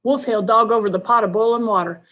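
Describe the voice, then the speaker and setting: A woman reading a children's picture book aloud in an expressive, sing-song storytelling manner. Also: on the high side, fast talker. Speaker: storybook reader.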